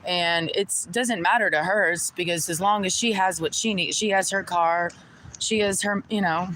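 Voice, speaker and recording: A woman's voice: lowish voice, normal speed, fairly bright tone, a little hiss or hum, low-quality recording. A woman vlogger ranting to the camera in an aggrieved, venting way, repeating herself and swearing. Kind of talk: personal rant to camera.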